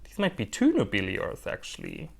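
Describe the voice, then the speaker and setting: Playful, animated man unboxing plants. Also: lowish voice, moderate pace, gravelly. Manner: animated, playful and self-mocking. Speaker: orchid hobbyist vlogger. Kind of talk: casual unboxing chat.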